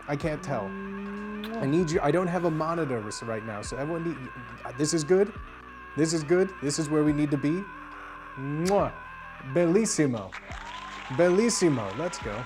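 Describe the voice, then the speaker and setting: A tipsy livestreamer talks casually to viewers from home, voice swinging widely in pitch. They often break into loud excited yelps and shouts. Music plays clearly behind the voice throughout. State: tipsy from drinking. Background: music playing.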